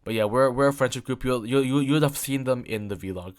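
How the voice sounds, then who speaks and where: A man's voice: mid-range voice, brisk. A young man in his late teens from England, talking alone in a rambling podcast, full of fillers and repeated words. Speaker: podcast host. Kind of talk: solo rambling chat.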